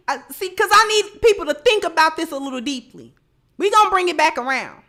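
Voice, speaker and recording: A woman's voice: very high-pitched, animated, a little fast, sharp tone. A woman giving livestream commentary, lecturing through repeated rhetorical questions. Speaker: online commentator.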